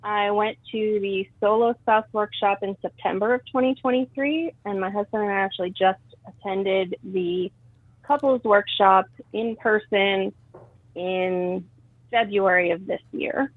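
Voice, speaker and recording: A woman's voice: mid-range voice, a little slow, dry recording. A woman calling into a live show, earnest and a bit hesitant, heard over a phone line. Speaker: caller. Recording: tinny dry phone line.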